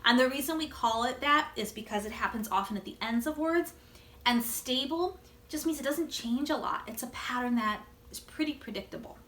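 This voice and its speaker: A woman teacher giving a video word-study lesson to young children, gently encouraging them and pausing for answers. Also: high-pitched, reverberant.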